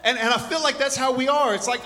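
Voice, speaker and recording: A man's voice: extremely high pitch, fairly even intonation, fast, bright, forceful tone, big-room sound. A man preaching a conversational sermon to a congregation, full of joking asides and rambling stories. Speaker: pastor.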